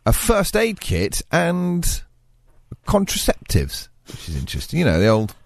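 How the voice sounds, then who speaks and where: A man's voice: wildly swooping pitch, unhurried, no echo, clean studio sound. A man co-hosting a breakfast radio show, bantering playfully and laughing often. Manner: playful, laughs often, wide swings in pitch. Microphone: studio microphone.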